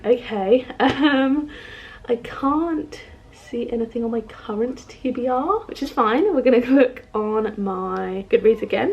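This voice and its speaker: In front of her bookshelf at home, a UK woman in her twenties chats casually to camera as a book vlogger. She's bubbly and chatty, her talk packed with "like" and "um." Her voice is fairly high, and the recording has its highs cut off.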